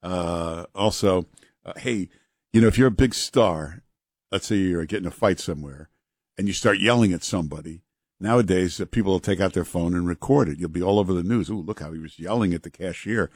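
A middle-aged male talk radio host with a somewhat low voice. He chats loosely, with frequent fillers. The studio sound is dry and close. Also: fairly quick, dry recording. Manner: casual, conversational, many fillers. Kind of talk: talk radio chat and ad reads.

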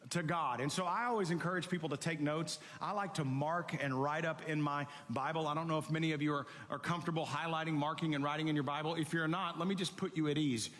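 A passionate male pastor delivering a sermon in a high voice. He reads scripture aloud and explains it to his congregation, and the long reverb of a large church hall trails every phrase. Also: fairly bright tone.

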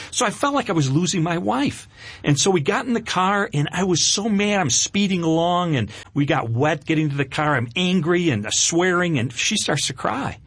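A middle-aged man shares his own story in an interview, earnest and candid, stumbling over restarts as he goes. His voice moves a great deal in pitch and has a husky grain. The sound is dry and close. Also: no echo. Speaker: guest. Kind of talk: personal testimony in an interview.

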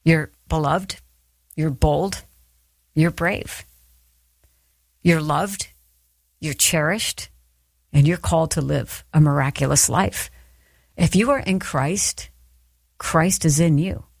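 A middle-aged woman giving an earnest, encouraging devotional talk to her listeners, with soft emphatic pauses. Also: low voice, vocal fry, no room sound, studio quality. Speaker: Christian speaker.

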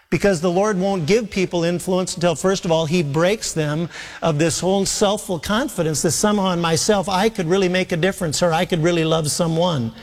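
A man preaching a sermon as pastor, earnest, often voicing Jesus in his own paraphrase. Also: a little high. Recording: long reverb of a large hall.

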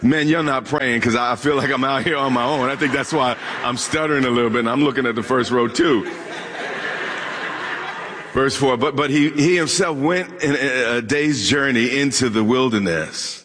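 A pastor with a medium-pitched voice speaks at a normal speed while preaching a sermon, joking with his congregation and asking them questions. His manner is humorous and he addresses them directly. It was recorded before a live audience in a church hall with long reverb.

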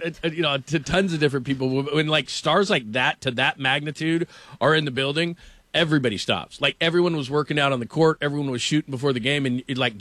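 A man's voice: medium pitch, fairly bright tone, dry recording. A man hosting sports talk radio, telling a story in a rambling, casual way, laughing often and filling with "like".

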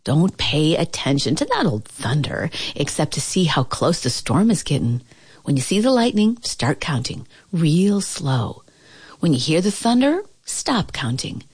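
A woman's voice: low-pitched, very animated, unhurried, a little mellow, slightly rough, dry recording, full character voice. A woman voicing a kindly, reassuring old grandmother in a storybook read-aloud, with a soothing, folksy manner.

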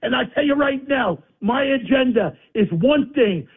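Radio phone-in guest, New man, high and strident, blustering political tirade, phone-quality audio. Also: animated, measured pace, breathy edge. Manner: combative, insulting, blustering. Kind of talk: angry political rant. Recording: tinny phone line.

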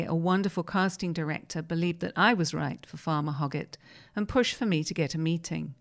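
Woman host reading out an interview piece, lowish voice, calm storytelling pace. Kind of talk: reading a magazine article aloud.

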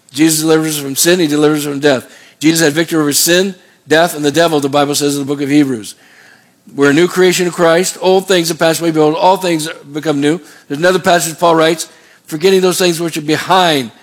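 A pastor preaching, his voice sitting a little higher than most men's. He steps through numbered points and puts questions to the congregation for them to answer back. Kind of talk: sermon.

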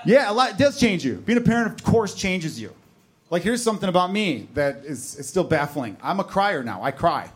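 A man's voice: high-pitched, big pitch swings, a little fast, husky. A man in his thirties performing a stand-up comedy set on a club stage, telling stories in a conversational, self-deprecating way.

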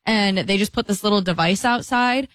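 A woman's voice: mid-range voice, moderate pace, a bit bright, no room sound. A woman on a radio show, chatting casually and a little tentatively.

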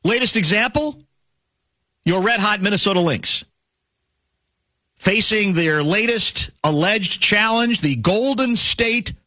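Animated, bright-voiced sports radio host. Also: male voice, high voice, slow pace, long pauses, no echo. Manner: chatty, teasing, animated storytelling. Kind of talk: casual sports talk.

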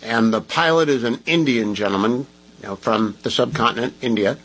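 A man with a slightly husky voice hosts a talk radio show, speaking into a studio microphone. He talks in an opinionated, conversational way. He sounds groggy from medication. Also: medium pitch, brisk, fairly bright tone, low-quality recording.

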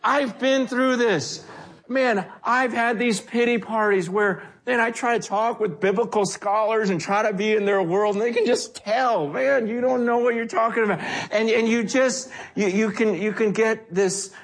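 A man preaching a sermon in a conversational, animated way, often acting out quotes. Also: high-pitched, moderate pace. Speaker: pastor.

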